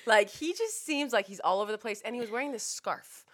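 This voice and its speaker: Young woman host, non-native speaker, slangy and animated. High, bright voice, laughs a lot, acts out lines from her story. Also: fairly quick, dry recording, clean studio sound. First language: not English. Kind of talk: casual chat, storytelling.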